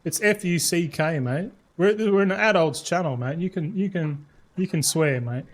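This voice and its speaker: A man's voice: on the high side, moderate pace. A man streaming a game, chatting casually with viewers in a rambling, laid-back way, swearing freely and restarting his words. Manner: slangy and laid-back, says mate and bro.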